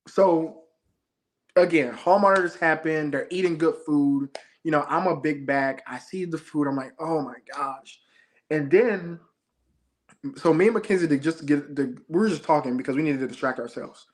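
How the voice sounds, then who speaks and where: A man's voice: fairly high pitch, normal speed. A young man, a reality show contestant, telling stories in a laid-back, slangy way during a casual interview.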